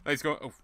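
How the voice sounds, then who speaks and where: A man streaming a game, chatting to his viewers and telling rambling, profane stories. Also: sharp tone. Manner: rambling, profane, laughing storyteller. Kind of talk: casual gameplay commentary.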